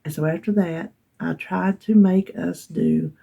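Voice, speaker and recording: A middle-aged vlogger from North Carolina, with a Southern US accent, chats casually to camera for her viewers, laughing often and sometimes dropping to a whisper. Her voice is on the low side, steady, measured, creaky and mellow.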